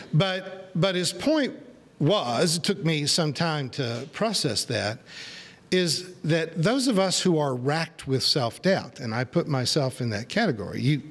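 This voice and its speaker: A man's voice: fairly high pitch, fairly bright tone. A male pastor giving a sermon in a conversational, storytelling way, with self-deprecating humor.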